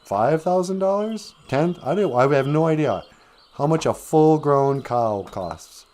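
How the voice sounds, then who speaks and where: A man's voice: on the high side, animated, measured pace, darkish tone. A man hosting a live stream, retelling a fairy tale casually with rambling, joking asides. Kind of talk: casual comedic storytelling.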